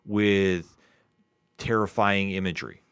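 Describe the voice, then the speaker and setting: A man co-hosting a comic book review podcast, calmly recapping the story. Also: sits low, slow, clean tone, no echo, clean studio sound. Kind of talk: casual review chat.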